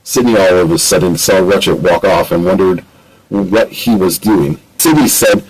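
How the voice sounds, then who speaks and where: A man narrating an amateur audiobook in a plain, steady reading voice. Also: sits low, moderate pace, breathy edge, low-quality recording.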